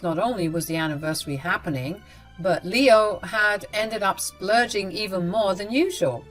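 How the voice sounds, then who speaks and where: A woman's voice: mid-range voice, a bit bright. A woman telling a family drama story in a gossipy, mocking tone. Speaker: narrator. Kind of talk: storytelling narration.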